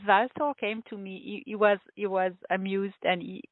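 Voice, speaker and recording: A woman's voice: mid-range voice, fairly even intonation, moderate pace, no echo. A woman guest recounts her story over a remote call, stumbling through restarts and fillers, often breaking into laughs. Her voice comes through a narrow, tinny, phone-like line. The sound is dry and close, with no room around it. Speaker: interview guest. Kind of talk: casual storytelling interview.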